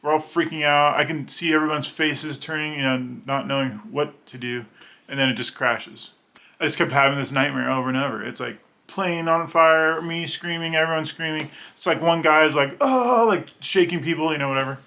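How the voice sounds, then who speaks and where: A children's book illustrator in his thirties tells personal stories to the camera in a loose, rambling, conversational way, his tone bright and forward. He briefly puts on quick voices for the people in his anecdotes before returning to easy, plain talk. His voice is a little high with fairly even intonation.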